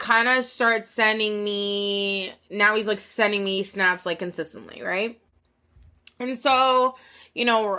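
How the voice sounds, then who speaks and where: In a fairly low yet bright, forceful voice, a twenty-something podcast host delivers a casual storytelling monologue. She rambles through a long tale, swearing and leaning on filler words.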